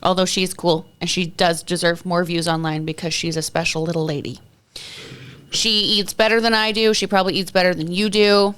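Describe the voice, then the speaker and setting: A woman's voice: lowish voice, steady tone, normal speed, a bit bright, clean tone. A woman in her thirties hosting a podcast alone, chatting casually and rambling from topic to topic with self-mocking jokes. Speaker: podcast host. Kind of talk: casual solo podcast chat.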